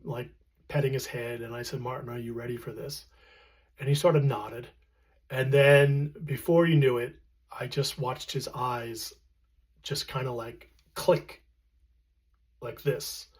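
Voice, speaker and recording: Husky-voiced man telling a personal story. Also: mid-range voice. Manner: earnest, reflective, with many fillers and pauses. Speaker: storyteller recounting his late partner.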